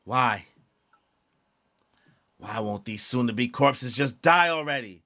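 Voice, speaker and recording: Man putting on a cold menacing villain, low and disdainful, slow delivery, bright tone. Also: expressive. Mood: contemptuous. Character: scornful villainous male overlord, cold and menacing.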